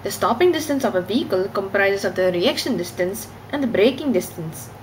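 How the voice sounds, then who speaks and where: A woman's voice: medium pitch, animated, fairly quick, a little hiss or hum, lightly acted, low-quality recording. This is an emphatic, formal reader with an Indian accent, as a woman puts it on. The voice sits in a middle register and reads a script. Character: woman reading a driving manual with an Indian accent. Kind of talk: read-aloud script.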